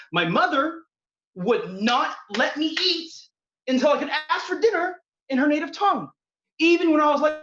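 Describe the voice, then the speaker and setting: A man's voice: high voice, pushed and bright. A man performing a spoken word poem at a poetry slam, with a rhythmic, emphatic delivery. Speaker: slam poet. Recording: dull, echoey venue recording.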